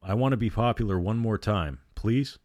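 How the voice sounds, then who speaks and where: A fragile teenage girl who begs softly and keeps pleading, as a male narrator puts her on. The voice stays low, in a dry, close sound. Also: normal speed, dry recording, natural voice. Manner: pleading, soft, breaking.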